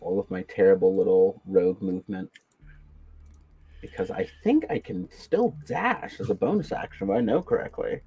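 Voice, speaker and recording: Male player, gravelly husky voice, hesitant casual chat. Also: low-pitched, animated, normal speed, lo-fi sound. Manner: hesitant, thinking aloud. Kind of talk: casual tabletop game chat.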